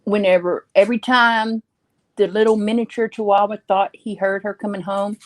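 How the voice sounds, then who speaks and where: A woman's voice: mid-range voice, fairly even intonation, normal speed, no room sound. A woman chatting casually and telling funny stories about her family and pets. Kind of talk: casual storytelling.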